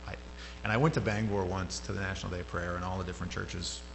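A man's voice: low voice, fast, gravelly. Guy preaching, chatty sermon, echoey hall w/ faint hum behind. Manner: conversational, rises sharply when animated. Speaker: pastor.

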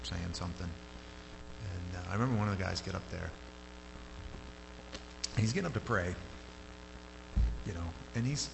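A man preaching a sermon in a loose, conversational way. His voice jumps up sharply when he gets animated. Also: deep voice, moderate pace, gravelly, pauses often, over music. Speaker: pastor. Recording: hall reverb with faint hum.

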